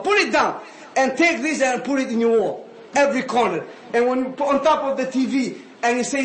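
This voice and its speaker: A man giving an animated sermon, often calling listeners "habibi". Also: very high voice. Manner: animated, switching between English and Arabic phrases, calling listeners "habibi". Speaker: preacher. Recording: echoey room with faint ambient noise.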